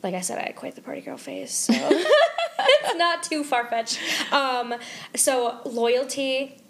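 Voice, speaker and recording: A young adult woman co-hosting a podcast, chatting in an expressive, exclamatory way and swearing casually. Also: high voice, takes it slowly, creaky. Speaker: podcast co-host. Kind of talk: casual chat.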